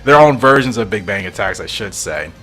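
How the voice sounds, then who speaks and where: A man hosting a channel, excitedly reading and commenting on a fan comic with frequent laughs. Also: lowish voice, fairly quick, faint music behind. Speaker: channel host.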